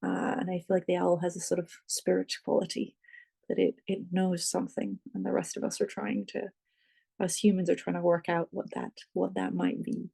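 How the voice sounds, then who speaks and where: An author talking thoughtfully about their novel in an interview, often pausing to search for words. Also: medium pitch, level tone, gravelly, mellow, breathy edge. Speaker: author, guest. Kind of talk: reflective interview talk.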